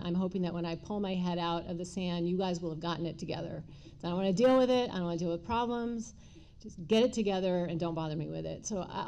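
A middle-aged woman candidly telling her own recovery story, with many pauses and fillers. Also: fairly low pitch, warm tone, a little hiss or hum. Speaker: speaker sharing recovery story. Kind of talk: personal testimony talk.

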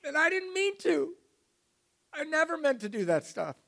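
Gravelly man telling his recovery story. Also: very high-pitched, very animated, moderate pace, bright, forceful tone. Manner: confessional, emotional, self-mocking. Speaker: recovery speaker. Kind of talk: personal testimony talk.

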